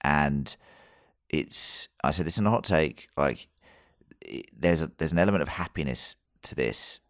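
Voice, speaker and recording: A man's voice: very deep voice, expressive, a little slow, no room sound, studio quality. A man co-hosting a podcast, reviewing a TV episode in casual chat and rambling with many restarts and fillers.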